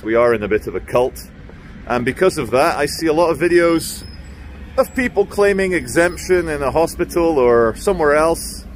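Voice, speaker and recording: A man walking through city streets as he films a vlog, talking in a chatty, sardonic way with mocking asides, into a handheld camera mic. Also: a little high. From England. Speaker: street vlogger. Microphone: handheld camera mic while walking. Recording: faint street traffic noise behind.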